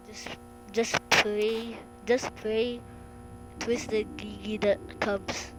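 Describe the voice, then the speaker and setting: A woman's voice: medium pitch, little pitch movement, drawn-out words, loud music behind the voice, poor audio. A woman playing a video game and commenting, jumpy and shrieky, with bursts of squealing and laughter. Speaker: gamer streaming play.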